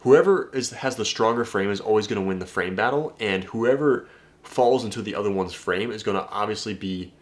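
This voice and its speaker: A man's voice: on the low side, fairly quick. A man coaching viewers on dating in a casual video breakdown, talking emphatically, swearing and addressing the audience directly.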